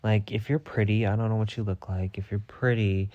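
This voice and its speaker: A man's voice: on the low side, level tone, fairly quick, no room sound, highs cut off. A man hosting a storytime podcast, telling a story in a sassy, dramatic way with heavy cursing. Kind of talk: casual profane storytime rant.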